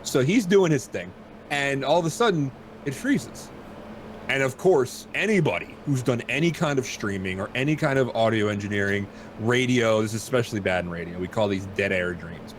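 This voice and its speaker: A man's voice: medium pitch, normal speed, a little hiss or hum. A man hosting a podcast from home, telling a rambling, self-deprecating story in casual chat. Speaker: podcast host.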